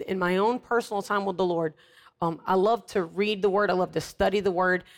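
A woman, a guest preacher speaking in a talk show interview, emphatic and fervent with wry humor. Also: medium pitch. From Florida, United States.

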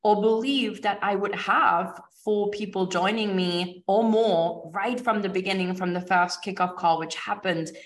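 A woman's voice: mid-range voice, a little slow, few pauses, distant mic. A woman hosting a motivational business podcast, speaking emphatically and driving home the same rousing questions again and again. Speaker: podcast host and business coach. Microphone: recorded over a video call. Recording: roomy echo with faint music.

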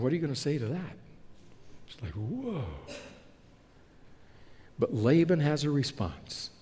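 Male preacher, lively storyteller, voice a touch high, echoing sanctuary sound. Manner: animated, acts out the characters he describes. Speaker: pastor. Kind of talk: sermon. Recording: long hall reverb.

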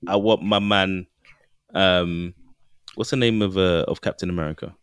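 A young man, co-hosting a casual podcast chat, animated and often laughing. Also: deep voice, normal speed, clear, resonant tone, no echo, clean studio sound. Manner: animated, laughing, mimics voices for jokes. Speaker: podcast co-host.

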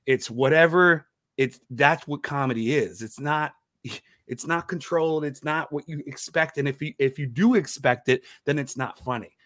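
A man telling stories in a casual interview as a comedian guest, animated, laughing often and restarting his words. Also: fairly high pitch, normal speed, dry recording, studio quality.

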